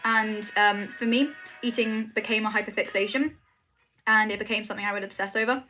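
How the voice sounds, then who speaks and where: A woman's voice: mid-range voice, steady tone, a little fast, pushed and bright, soft background music. A young woman chatting casually on a livestream from her room at home, rambling with lots of "like" and "um". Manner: chatty, rambling, says "like" and "um" often. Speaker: streamer.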